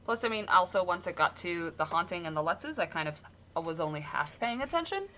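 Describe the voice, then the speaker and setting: A woman co-hosting a podcast who keeps chiming in with playful jokes and quick reactions. Her voice sits on the low side but sounds bright and forward. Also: animated, a little hiss or hum. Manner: joking interjections, playful quips. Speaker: podcast co-host. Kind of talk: casual chat.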